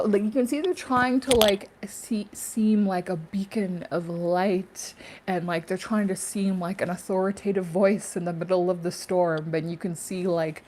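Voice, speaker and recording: Woman vlogger, mellow tone, loose rambling delivery full of fillers, faint hiss in the recording. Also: on the low side, fairly even intonation, moderate pace. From Canada. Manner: rambling, laughing to herself, many fillers. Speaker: spiritual YouTuber. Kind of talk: casual spiritual vlog monologue.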